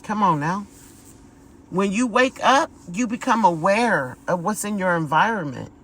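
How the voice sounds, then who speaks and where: A woman's voice: medium pitch, lively intonation, unhurried, husky, poor audio. A woman giving a casual spiritual vlog monologue, talking emphatically, repeating words and calling her viewers y'all. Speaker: spiritual vlogger.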